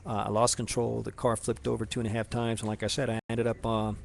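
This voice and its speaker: A man telling a personal story in a rambling, halting way, full of restarts and fillers, speaking to someone he addresses directly. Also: mid-range voice, level tone, creaky.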